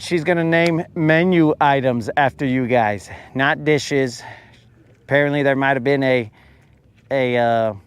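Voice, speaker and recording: A man's voice: mid-range voice, clean tone. A young man casually talking to viewers while fishing, joking around in playful, slangy banter. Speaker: fishing vlogger.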